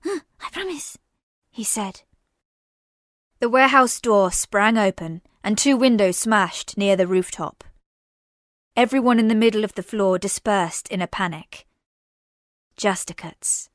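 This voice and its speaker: A woman narrating a science-fiction audio serial at a slow, measured pace. Her voice sits in a middle range and stays steady through the telling. The recording is dry and close with no room sound. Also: medium pitch, dry recording. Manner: measured, unhurried storytelling. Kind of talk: scripted audio-drama narration.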